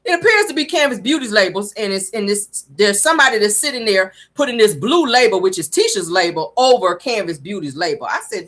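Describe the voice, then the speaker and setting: A woman's voice: mid-range voice, animated, fairly quick, hardly any pauses, fairly bright tone. A woman hosting a reality-TV recap show, talking in a sassy, wisecracking way.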